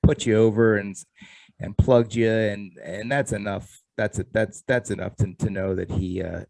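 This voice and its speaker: A man hosting a casual interview podcast, talking haltingly and repeating words. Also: on the low side, fairly even intonation, creaky, a little mellow, no room sound, poor audio. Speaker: podcast host.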